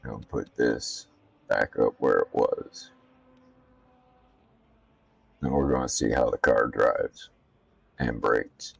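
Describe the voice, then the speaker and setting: A man's voice: rumbling low, slow, gravelly, husky, distant mic. A man giving casual, profane commentary while practicing laps as a sim racing streamer, ranting bluntly between remarks on the car. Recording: voice set back from the mic.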